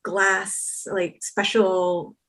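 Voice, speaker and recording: A woman's voice: mid-range voice, drawn-out words. A woman guest on a podcast, telling a long personal story in casual chat and acting out the exchanges she recounts. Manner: animated storyteller, acts out quoted exchanges. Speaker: documentary filmmaker guest.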